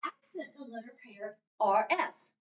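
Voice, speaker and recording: A woman teacher in a classroom, clearly and patiently prompting her students through a reading lesson. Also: on the high side, animated, unhurried, lo-fi sound. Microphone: camera set up in the room.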